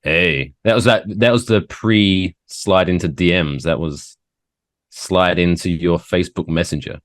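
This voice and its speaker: A man's voice: low voice, unhurried. A young adult man, a podcast guest, chatting casually with a joking, sarcastic manner. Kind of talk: casual chat.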